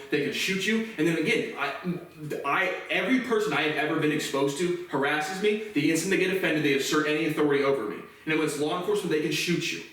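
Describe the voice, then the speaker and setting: A man delivering an angry, profane vlog rant that bursts into shouting. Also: on the high side, distant mic. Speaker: vlogger. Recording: very echoey room, voice off-mic.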